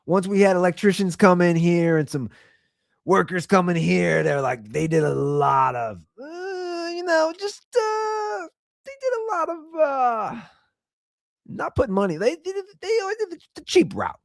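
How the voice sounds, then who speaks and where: A man's voice: high-pitched, unhurried, vocal fry, no room sound. Male podcast host, voice leaping up and down with rhetorical questions, recorded dry and close. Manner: animated ranting with rhetorical questions. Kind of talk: solo ranting talk show.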